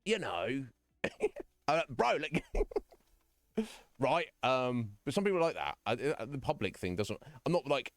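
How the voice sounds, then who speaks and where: A man's voice: medium pitch, sing-song, moderate pace, no echo, studio quality, faint music behind. A man live-streaming from home, chatting casually with viewers in a frank, rambling way, often breaking into chuckles. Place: home room.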